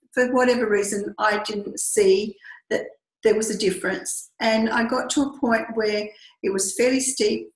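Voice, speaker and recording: A middle-aged Australian woman tells a personal story in an earnest, reflective way, acting out what people said. Her voice sits at an ordinary pitch for a woman. The room around her is noticeably echoey. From Western Australia. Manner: earnest, reflective, acts out quoted dialogue. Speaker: group tour leader.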